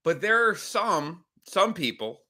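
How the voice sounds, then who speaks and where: A man's voice: high-pitched, sing-song, takes it slowly, bright, forceful tone. A man hosting a podcast livestream, rambling casually with some swearing and reacting to chat comments. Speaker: podcast host.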